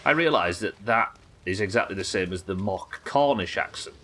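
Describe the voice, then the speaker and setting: A man's voice: sits low, lively intonation, moderate pace, fairly bright tone, slight background noise. A young English man chatting casually and rambling while streaming a game, swearing now and then. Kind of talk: casual live-stream chat while gaming.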